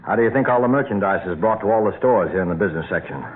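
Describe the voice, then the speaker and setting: Brief: man as a surly husband, low voice swinging wide, old radio drama over a tinny line. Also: animated, rapid-fire, natural voice. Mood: gruff. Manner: gruff, impatient, menacing. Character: brooding husband luring his wife underground.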